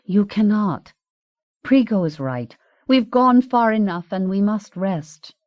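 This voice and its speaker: A woman's voice: mid-range voice, lively intonation, takes it slowly, dry recording, dull audio. Woman reading an emphatic, motherly queen. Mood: firm. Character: caring queen with a magic amulet.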